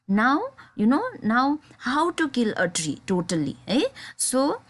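A woman's voice: on the high side, big pitch swings. Nepali-accented woman teaching a poem. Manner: mixes Nepali and English, checks in with "है?" often; halting, many fillers and restarts. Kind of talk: classroom poem explanation.

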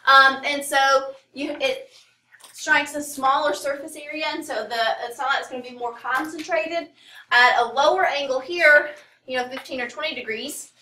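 High bright-voiced woman teacher, echoey room. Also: moderate pace. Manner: casual, rambling, many fillers. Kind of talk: classroom lecture. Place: classroom. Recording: echoey classroom from a distance.

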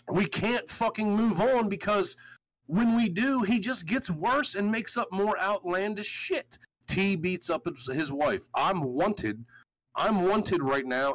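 A man's voice: high voice, fairly bright tone, dry recording, rough recording. A man hosting a podcast, ranting in a heated, profane, storytelling way. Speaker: show host. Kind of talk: casual podcast rant.

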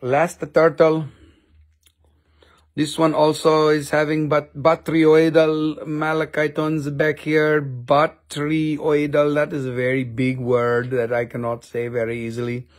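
A man's voice: a little high, completely flat delivery, unhurried. A man hosting a casual live-stream sale of rocks and minerals, chatty and jokey, with offhand swearing.

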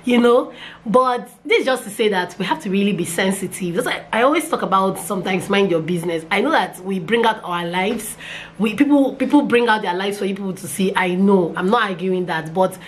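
Young Nigerian woman, casual storytime vlog, lively and repetitive, faint hiss behind. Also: fairly quick. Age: young adult. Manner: animated, repeats phrases, pitch jumps when excited. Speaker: vlogger.

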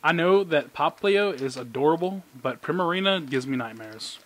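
A man giving casual, jokey commentary as he opens trading card packs, excitable and talking to his cards. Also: fairly high pitch, moderate pace. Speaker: card collecting YouTuber. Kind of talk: casual pack-opening commentary.

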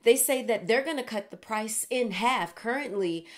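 A woman's voice: fairly high pitch, moderate pace. Chatty woman hosting a news show. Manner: chatty, laughs at herself, animated asides. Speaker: host. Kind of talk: casual news commentary.

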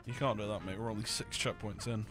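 A man's voice: fairly low pitch, fairly even intonation, fast talker, a bit bright, faint music behind. A young man teasing his friends during a game, cheeky and full of catchphrases. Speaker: gamer. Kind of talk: casual gaming banter.

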